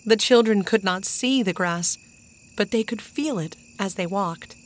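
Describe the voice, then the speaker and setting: A woman narrating a children's storybook in an even, measured way. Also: medium pitch. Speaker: audiobook narrator. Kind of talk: storybook reading.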